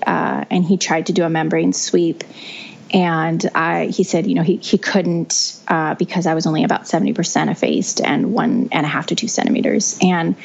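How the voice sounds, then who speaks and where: A woman's voice: on the low side, vocal fry, darkish tone. A young woman telling her birth story as a podcast guest, in a chatty way with frequent restarts. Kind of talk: casual storytelling. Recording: dull lo-fi audio.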